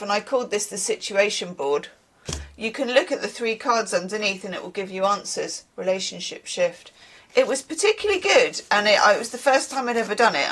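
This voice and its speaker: A chatty woman hosts a casual tarot reading vlog, drifting off on tangents and laughing at herself. Her voice sits at a middling pitch but moves around a lot, bouncing up and down as she talks. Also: a bit bright. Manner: chatty and rambling, often laughing. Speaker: tarot reader.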